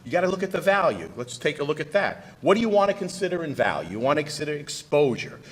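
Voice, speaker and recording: A man's voice: fairly high pitch, very animated, fast, poor audio. A middle-aged man, a trial lawyer from the United States, giving a conference presentation in a folksy, punchy manner and talking straight to the audience.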